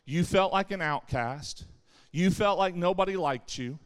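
A man preaching a sermon to young people at a camp, lively, acting out the voices he quotes and answering his own questions. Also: high-pitched, unhurried, clear, resonant tone. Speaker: camp speaker.

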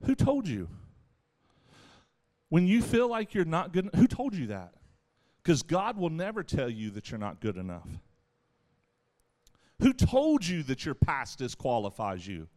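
Animated preaching man. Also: a little high, unhurried. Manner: animated preaching, acting out voices of God and Jesus. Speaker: pastor. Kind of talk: sermon.

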